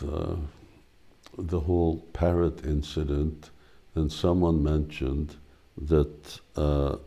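A man reads a devotional drama aloud in a slow, deliberate way, adding hesitant asides of his own. His voice is extremely low, dark and gravelly. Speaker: reader.

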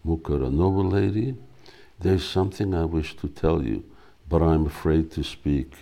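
A man's voice: extremely low pitch, normal speed, vocal fry, mellow. A man voicing a timid, hesitant elderly female servant in a read-aloud drama.

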